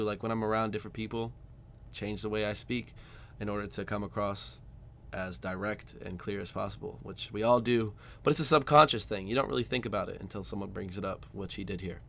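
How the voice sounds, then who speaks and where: A man's voice: lowish voice, a little fast, vocal fry, fairly bright tone. A man from the United States hosting a reaction video, chatting in a loose, enthusiastic way. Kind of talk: casual reaction commentary.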